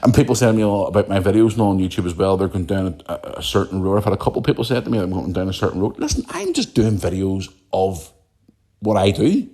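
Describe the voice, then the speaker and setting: British man, podcast host, blunt solo rant, deep voice, mellow tone. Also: sing-song, fast. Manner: blunt and emphatic, repeats himself.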